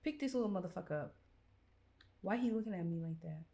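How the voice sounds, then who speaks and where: A young woman, reacting loudly and profanely while playing a horror game. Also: lowish voice, animated, fast, gravelly. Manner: loud, profane, exasperated reactions. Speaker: gaming YouTuber.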